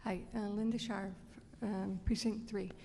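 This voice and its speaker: A woman's voice: mid-range voice, level tone, unhurried, gravelly, dark tone. A woman speaking as a resident at a town meeting, asking a question tentatively. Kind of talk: public comment at a town meeting. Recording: echoey hall, faint room noise.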